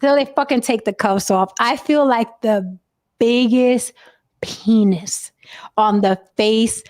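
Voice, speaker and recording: A woman telling a wild personal story in casual chat, profane and animated. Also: fairly high pitch, slow pace.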